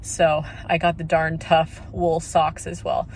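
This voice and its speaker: A woman's voice: sits low, little pitch movement, slow, darkish tone, a little hiss or hum, poor audio. A young woman talking casually to camera in a vlog, full of "like" and "you know". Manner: chatty, peppered with "like" and "you know". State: out of breath after walking uphill. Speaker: vlogger.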